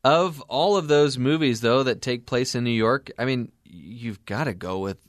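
A man co-hosting a casual movie talk show, playful and animated when telling stories. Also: medium pitch, moderate pace, no room sound, studio quality. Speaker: co-host. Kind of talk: casual chat.

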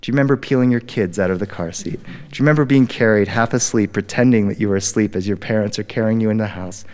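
A middle-aged man telling a personal story live in a studio before an audience, acting out the voices and swinging his pitch wide for drama. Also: fast talker, in a large hall. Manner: animated, acts out dialogue with big pitch jumps.

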